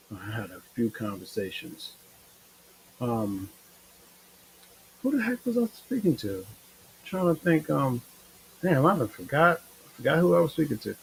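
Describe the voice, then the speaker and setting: A man's voice: a little high, creaky, slightly rough, rough recording. A tired man hosting a casual live-stream chat, rambling in a laid-back, slangy way with lots of fillers. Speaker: show host.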